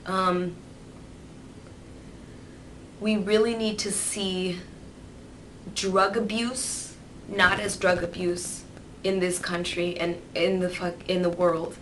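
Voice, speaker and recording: A woman vlogging candidly, rambling and swearing freely, turning lively when she mimics others. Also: fairly low pitch, slow pace, pauses often, slight background noise, poor audio. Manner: animated, mimics voices in quotes. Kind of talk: candid personal vlog.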